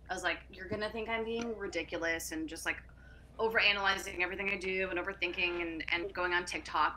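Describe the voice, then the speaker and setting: Bright-voiced woman, rambling chat. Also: fairly low pitch, slight background noise. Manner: rambling, self-interrupting, laughing asides. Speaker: comedian guest. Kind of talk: casual podcast chat.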